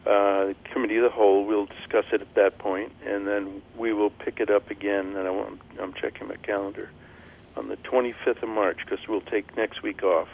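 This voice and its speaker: A man calling in to a radio show as a council member, speaking in a steady, matter-of-fact way. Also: lowish voice, a little fast, vocal fry, a little hiss or hum. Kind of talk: casual radio chat. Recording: tinny phone line.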